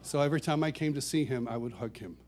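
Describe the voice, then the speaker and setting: A man telling a personal story to an audience, animated, often laughing and repeating words as he goes. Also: quick pace. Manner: animated, laughs often, gets louder and higher as the story builds. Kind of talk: storytelling talk.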